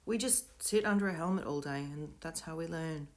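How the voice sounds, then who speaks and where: A woman voicing a dazed young boy who speaks flatly and quietly. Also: deep voice, moderate pace. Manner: flat, quiet and soft-spoken.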